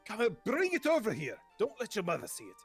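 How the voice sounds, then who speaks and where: A stocky dwarf barkeep, as a man puts him on, with a gruff, folksy voice. He booms louder and climbs higher when calling across the room. Hearty and easy-going throughout. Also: expressive, moderate pace, faint music behind, natural voice. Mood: hollering. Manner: gruff, folksy, loud bursts.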